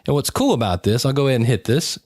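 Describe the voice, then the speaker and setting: A man's voice: medium pitch, sing-song, fast, darkish tone, dry recording, studio quality. A man hosting a podcast, demonstrating gear in a chatty, wry and upbeat way. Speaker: podcast host. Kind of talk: casual gear demo.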